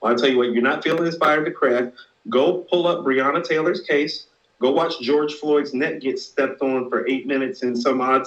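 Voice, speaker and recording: A man's voice: medium pitch, a bit bright. A man argues his point on a casual podcast, blunt and emphatic, stacking repeated words to hold the floor. His voice sits in a roomy space with some echo. The sound is a little dull and muffled. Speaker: podcast co-host. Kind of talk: heated casual debate.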